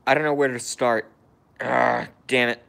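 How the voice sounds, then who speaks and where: A man's voice: medium pitch, steady tone, a little slow, gravelly, fairly bright tone. A man casually chatting on a live stream, grumbling and cursing at himself. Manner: profane, self-deprecating grumbling. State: hiccups.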